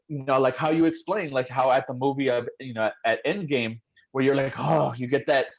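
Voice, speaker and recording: A man's voice: medium pitch, steady tone, fairly quick, lo-fi sound. A man co-hosting a podcast, talking in loose, rambling casual chat full of fillers. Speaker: podcast co-host.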